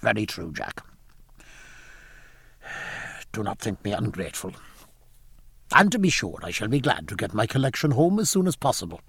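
A man's voice: on the low side, sing-song, normal speed, creaky, pauses often, a bit bright, breathy edge, no room sound, voice pushed down, full character voice. A man voicing a learned, prickly ship's surgeon, speaking in formal, wordy phrases. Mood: earnest.

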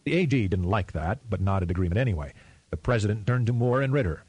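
A man with a husky, low voice narrates a novel for an audiobook, reading his script steadily and with measure. There's no room sound; the audio is close-miked and dry.

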